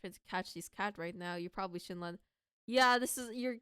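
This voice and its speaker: A woman's voice: mid-range voice, brisk, fairly bright tone, smooth, no echo, studio quality. A young woman streaming a horror game, reading story text aloud and breaking into pleading, dramatic outbursts at the characters. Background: faint background music.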